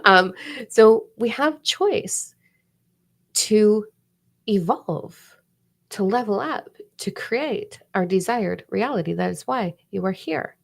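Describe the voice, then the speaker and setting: A woman hosting a casual spiritual live stream, animated and swearing freely. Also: mid-range voice, slow, vocal fry. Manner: animated, swears freely, mock voices and whispers for effect.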